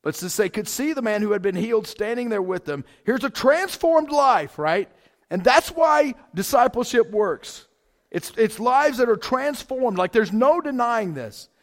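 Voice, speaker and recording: A man preaching a sermon as pastor, casual and excited, with big swells in volume. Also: very high-pitched, measured pace.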